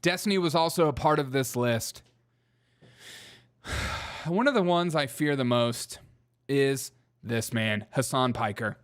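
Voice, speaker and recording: A man's voice: mid-range voice, slow, long pauses, clean tone. A man hosting a live stream, reacting to clips with wry, joking casual commentary and frequent laughs.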